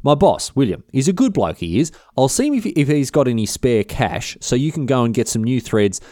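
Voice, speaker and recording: A man's voice: medium pitch, big pitch swings, normal speed, mellow, dry recording, clean studio sound, lightly acted. A man with an Australian accent voicing a brash, friendly male palace guard, boisterous and full of slang. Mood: kindly.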